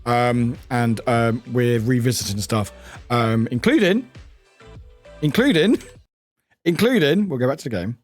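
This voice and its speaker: A man's voice: mid-range voice, expressive, measured pace, long pauses, soft background music. A man chatting on a live gaming stream, rambling, swearing and yelping when startled. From United Kingdom.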